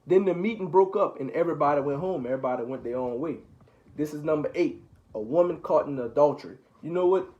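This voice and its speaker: A young man leading a Bible study for his little brother, reading passages and retelling them in relaxed slang. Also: fairly high pitch, fast, lo-fi sound. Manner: paraphrases scripture in relaxed slang. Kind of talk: casual Bible reading and explaining.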